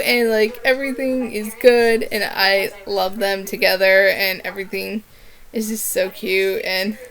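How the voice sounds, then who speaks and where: A young woman chatting casually in a book review vlog, rambling and gushing with constant "like" fillers. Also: mid-range voice.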